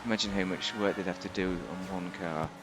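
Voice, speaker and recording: A man's voice: low voice, fairly even intonation, brisk, noisy background. A man giving rambling, casual commentary on a game, thinking aloud with fillers and restarts. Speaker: game reviewer.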